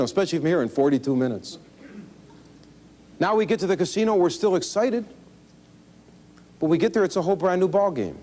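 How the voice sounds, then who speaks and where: A man with a notably high-pitched voice teaches card counting in a folksy, animated way. He mixes plain step-by-step instruction with self-deprecating jokes, and the sound comes off an old 1980s instructional tape. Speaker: blackjack instructor. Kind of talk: instructional video talk.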